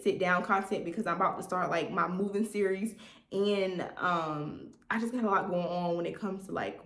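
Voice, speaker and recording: A young woman telling a lively story to her viewers in a casual chat, calling them y'all. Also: mid-range voice. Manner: animated, chatty, addresses viewers as y'all. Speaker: vlogger telling a story time. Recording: echoey room.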